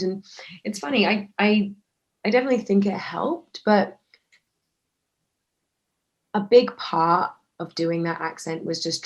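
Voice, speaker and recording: A woman's voice: deep voice, creaky. A woman, an actor answering questions casually, chatty with lots of fillers and restarts. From Australia. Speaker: actor, interview guest.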